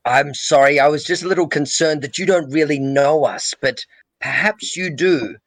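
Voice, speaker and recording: A man's voice: a little high, moderate pace, fairly bright tone, no room sound. A man playing a tabletop role-playing game, speaking in a hesitant, polite way. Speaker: player.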